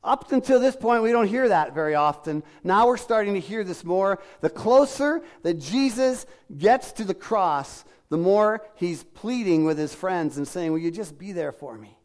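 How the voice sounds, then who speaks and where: A middle-aged male pastor delivers a sermon in a slightly raised pitch, keeping his tone conversational and animated. At a measured pace with few pauses, he acts out the lines he quotes and asks his listeners questions to check in.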